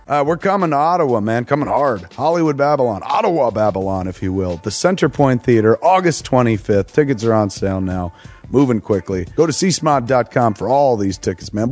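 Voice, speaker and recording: A man's voice: mid-range voice, lively intonation, a little fast, a little mellow, faint music behind. A middle-aged man casually reading promo spots for his own shows, loose, crude and joking. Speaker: podcast host reading promos.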